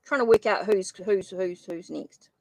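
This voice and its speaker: A woman with a medium-pitched, darkish voice touched by vocal fry speaks unhurriedly on her live tarot reading stream, typing up viewers' names while apologizing and thinking aloud. She says she has a funny accent. There's no room sound, and the recording is rough.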